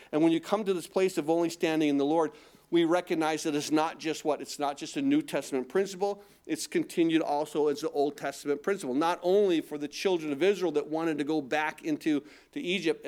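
A pastor with a fairly high, slightly mellow voice preaches a sermon built on call-and-response, asking the congregation questions and answering them himself as his intensity rises.

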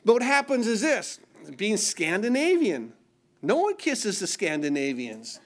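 A high-voiced middle-aged man preaching with emphasis. He keeps asking the room questions and answering them himself in a sermon rhythm. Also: very animated, measured pace. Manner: call-and-response questions, emphatic. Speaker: pastor.

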